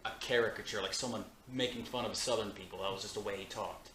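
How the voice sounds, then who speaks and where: A man's voice: fairly low pitch, fairly even intonation, fast talker, sharp tone, slight background noise. A man from Georgia musing in a casual chat, self-deprecating and trailing off in restarts, in a room of an old house. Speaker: co-host, band member. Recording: echoey room, faint ambience.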